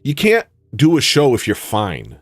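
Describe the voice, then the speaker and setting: A man's voice: medium pitch, wildly swooping pitch, measured pace, soft background music. A man hosting a livestream, rambling through a self-mocking comic monologue with theatrical outbursts. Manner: self-mocking, theatrical, bursts into sudden yells. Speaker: livestream host.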